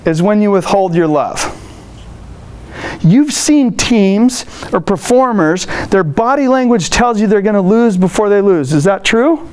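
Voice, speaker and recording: High-voiced energetic male sales trainer. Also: measured pace, smooth. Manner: energetic, motivational, acts out phone calls. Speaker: customer service trainer. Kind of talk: live training seminar talk. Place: room with a live audience.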